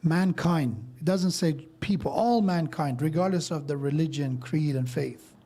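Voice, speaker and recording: Man preaching at a mosque, kinda high but mellow voice, walks thru verses and tells little stories. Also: a little slow. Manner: explains verses step by step, tells stories with quoted dialogue. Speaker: speaker at a mosque. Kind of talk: sermon.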